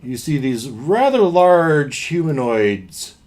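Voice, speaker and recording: Slow-paced man narrating as game master. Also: on the high side, very animated, a little mellow.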